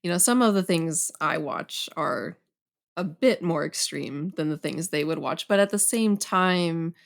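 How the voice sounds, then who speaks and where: A young woman with a fairly low voice chats casually as a podcast guest. She talks in a relaxed way and fills her sentences with "um" and "like". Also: a little slow, vocal fry. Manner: relaxed, many fillers like "um" and "like". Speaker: guest horror journalist.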